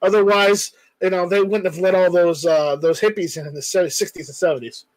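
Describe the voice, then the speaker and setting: A man's voice: sits high, fairly even intonation, brisk, dry recording, rough recording. A man hosting a casual livestream, reading viewer comments aloud and rambling with jokes. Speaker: livestream host reading chat.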